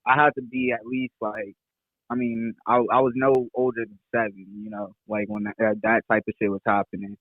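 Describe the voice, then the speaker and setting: A man's voice: mid-range voice, fairly even intonation, normal speed, no echo. Chill kc rapper dude in his 20s, rambly, tinny phone sound. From Kansas City, Missouri. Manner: laid-back, rambling, lots of fillers and laughs. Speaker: rapper guest. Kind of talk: casual interview chat.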